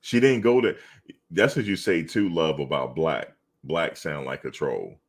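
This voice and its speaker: A middle-aged man with a low, deep voice hosts a loose sports talk stream. He banters with his viewers in animated slang and hammers the same point over and over. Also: measured pace. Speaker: live show host reading chat. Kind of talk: casual sports chat.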